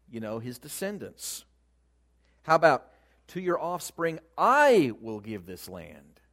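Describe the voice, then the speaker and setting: A man preaching a sermon, speaking with animated emphasis that rises and falls in loudness. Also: medium pitch.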